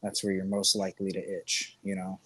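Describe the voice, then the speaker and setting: A man's voice: low voice, monotone, fairly quick, fairly bright tone, a little hiss or hum. A man co-hosting a podcast, talking in a rambling, profane, joking way and laughing often. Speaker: podcast co-host. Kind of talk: crude casual chat.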